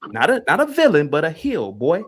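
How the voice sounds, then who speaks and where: A man's voice: fairly high pitch, wildly swooping pitch, a little fast, a little hiss or hum. A man hosting a call-in livestream, taunting and confrontational, repeating his points. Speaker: livestream host. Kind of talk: heated call-in stream rant.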